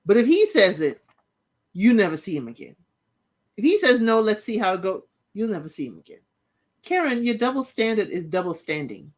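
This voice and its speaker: A woman's voice: medium pitch, big pitch swings, brisk. A woman hosting a casual recap show, retelling scenes and talking straight to the people in them. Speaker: reality TV recap host.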